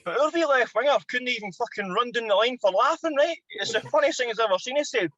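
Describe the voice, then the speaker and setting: A Scottish man in his thirties, a former footballer and podcast guest, telling an animated, sweary anecdote. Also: extremely high pitch, fast, no room sound, highs cut off. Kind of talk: casual storytelling.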